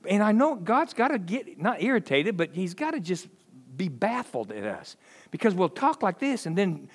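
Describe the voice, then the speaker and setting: Animated high-voiced preacher. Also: male voice, normal speed. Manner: animated storytelling, acts out quoted voices, chuckles often. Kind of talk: conversational sermon.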